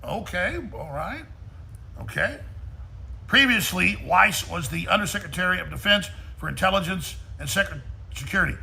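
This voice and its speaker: A man's voice: high voice, lively intonation, moderate pace, pushed and bright. A man ranting on his talk show, mocking his targets in put-on voices and repeating himself. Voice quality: gravelly, mocking. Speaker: radio show host.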